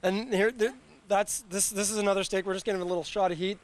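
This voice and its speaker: A man shows barbecue tips on a local TV show, stumbling over his words and repeating himself. His voice sits fairly high for a man. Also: steady tone. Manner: halting, repeats words, restarts. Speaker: barbecue chef guest. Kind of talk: cooking demonstration chat.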